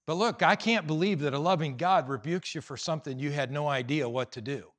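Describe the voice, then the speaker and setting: A pastor preaching a sermon in a church, animated and teasing, acting out voices. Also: male voice, a little high, brisk.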